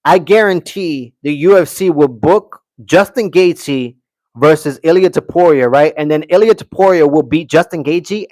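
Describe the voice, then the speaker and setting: A man's voice: on the high side, dry recording. A man hosting a live stream, giving brash, opinionated fight commentary, reading chat comments aloud and answering them. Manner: brash, opinionated, repeats "okay" and "guys". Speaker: livestream host.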